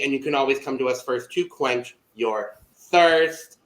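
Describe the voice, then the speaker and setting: A man's voice: mid-range voice, a little slow, hardly any pauses, fairly bright tone, echoey room. A man hosting a casual podcast, playful and laughing often. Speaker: podcast host.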